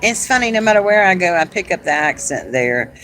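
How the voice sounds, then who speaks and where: A middle-aged woman from South Carolina with a Southern accent, chatting casually and warmly with viewers on a live craft stream, laughing often. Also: on the low side, very animated, fairly quick, slight background noise, rough recording. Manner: chatty and homey, laughs often, says "y'all". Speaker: craft channel host.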